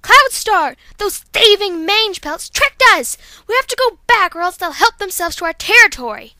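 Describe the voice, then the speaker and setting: A young woman voicing a proud, fierce female warrior cat, with loud shouted battle cries, on a close home mic. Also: extremely high pitch, lively intonation, takes it slowly, no room sound, voice pushed up, full character voice. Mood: urgent.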